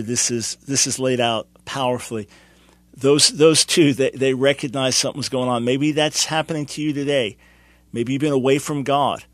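A man's voice: medium pitch, dry recording. A man hosting a radio talk show, interviewing a guest and encouraging listeners directly.

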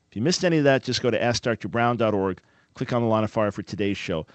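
Male radio host, low voice, dry close sound, earnest and emphatic delivery. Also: fast, dry recording. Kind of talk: call-in radio talk.

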